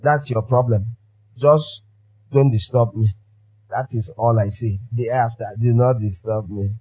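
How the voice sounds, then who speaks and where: A male pastor delivers a sermon at a middling pitch, hammering his points home by saying them again and again. The sound is dull and lo-fi, like a plain church recording. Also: fairly even intonation, unhurried, a little mellow, breathy edge. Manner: emphatic, repeating phrases for effect.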